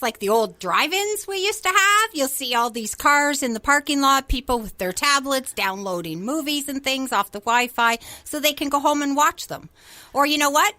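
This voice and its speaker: Bright-voiced middle-aged woman. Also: high voice, no echo. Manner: warmly agreeing, frequent affirmations. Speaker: co-host. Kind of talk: casual chat.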